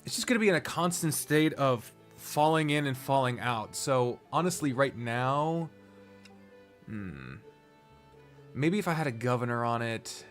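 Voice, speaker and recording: A man's voice: mid-range voice, lively intonation, unhurried, faint music behind. A man streaming a strategy game, chatting casually, swearing freely and rambling from topic to topic. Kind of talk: casual live-stream commentary while gaming.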